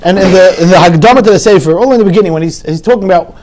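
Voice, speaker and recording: A man giving an animated sermon full of stories, often restarting his sentences and acting out quotes. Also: sits high, rapid-fire, a little hiss or hum. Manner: lively, frequent restarts, acts out quotes.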